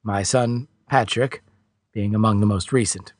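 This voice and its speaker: A man's voice: fairly low pitch, steady tone, a little slow, dry recording, pitched below the performer's own voice. An older, earnest man weighed down by worry, as a male narrator puts him on. He speaks heavily and sincerely. The sound is dry and close. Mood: worried. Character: older anxious male official, worried.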